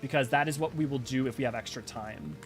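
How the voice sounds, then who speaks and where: A man's voice: medium pitch, fast talker, over music. A man hosting a stream, chatting casually and rambling with frequent restarts. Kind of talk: casual chat.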